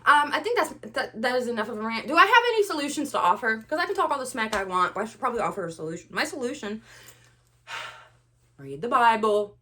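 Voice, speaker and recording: A young woman vlogger rants to the camera in a sarcastic, animated way. She swings between loud outbursts and quiet asides. Her voice sits fairly high and sounds bright and sharp. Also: a little fast. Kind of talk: ranting to camera.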